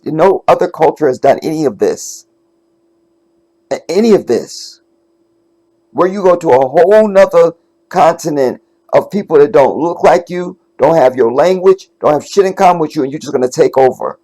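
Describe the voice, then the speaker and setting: A man's voice: a little high, expressive, normal speed, warm tone. A man hosting casual reaction commentary, talking emphatically and with swearing straight to his viewers. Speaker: commentator host.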